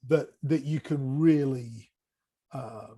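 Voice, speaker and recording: A man telling classroom stories in an animated way, swearing casually and acting out what people said. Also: medium pitch, takes it slowly, husky, dry recording. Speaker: guest, music educator. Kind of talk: casual conversation, storytelling.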